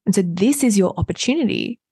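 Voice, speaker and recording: A woman's voice: mid-range voice, lively intonation, fast, slightly rough, no echo, clean studio sound. A woman hosting a podcast in a casual conversation, affirming her guest and murmuring agreement often. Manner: warm, affirming listener, frequent agreeing murmurs. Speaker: podcast host.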